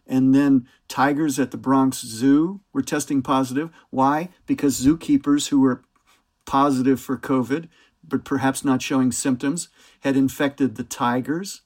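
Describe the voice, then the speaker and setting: A man, an author, explaining science in a measured way during a talk to a book club. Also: medium pitch, fairly even intonation, darkish tone.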